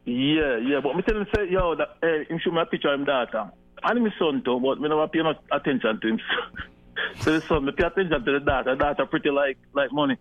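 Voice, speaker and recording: A man's voice: a little high, quick pace, phone-quality sound, soft background music. A man calling in, rambling in patois as he asks for help finding someone. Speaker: caller. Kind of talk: phone-in chat.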